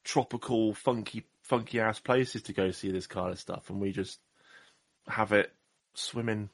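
Jokey rambling man, lowish voice. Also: unhurried, gravelly, dry recording. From Southwest England. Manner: rambling, jokey, self-deprecating. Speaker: podcast co-host. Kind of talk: casual chat.

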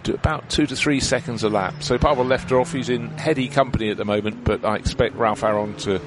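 A man's voice: medium pitch, fast talker, noisy background. A man commentating on a motor race, explaining strategy in detail with a chatty manner.

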